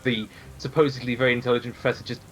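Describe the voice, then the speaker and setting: A man's voice: medium pitch, little pitch movement, rapid-fire, a bit bright, highs cut off, a little hiss or hum. A man playing a tabletop game, chatting in a dry, teasing way. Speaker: player. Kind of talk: casual game chat.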